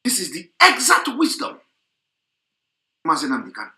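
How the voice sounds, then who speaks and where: A man's voice: fairly high pitch, wildly swooping pitch, moderate pace, sharp tone, reverberant. A man delivering a heated, repetitive, scolding political rant on an online radio broadcast.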